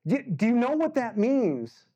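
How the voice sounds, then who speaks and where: A man in his sixties, an artist giving a casual storytelling talk, animated and acting out the voices he quotes, with frequent laughs. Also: very high voice, measured pace. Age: 60s. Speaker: guest artist speaker.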